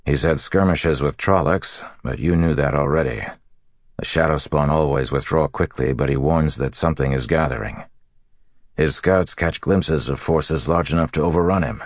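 A man voicing a grim male nobleman who reports bad news in a measured way. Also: extremely low pitch, no echo, clean studio sound.

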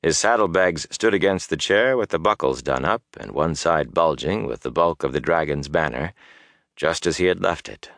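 A man reading a fantasy audiobook in a measured, grave, unhurried way. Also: extremely low pitch, lively intonation, vocal fry, fairly bright tone, dry recording, studio quality. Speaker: audiobook narrator. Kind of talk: scripted fantasy audiobook narration.

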